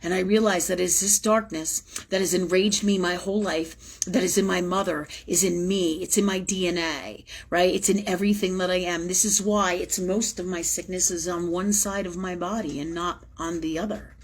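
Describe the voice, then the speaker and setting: Woman, spiritual livestream host; low, husky voice, intense confessional monologue with blunt swearing. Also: fairly even intonation, moderate pace. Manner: emotional, intense, swears freely; repetitive, emphatic phrasing.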